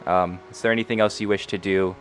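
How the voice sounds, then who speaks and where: Relaxed low-voiced male game master. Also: fast, soft background music. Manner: relaxed, many fillers. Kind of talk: narrating a tabletop game.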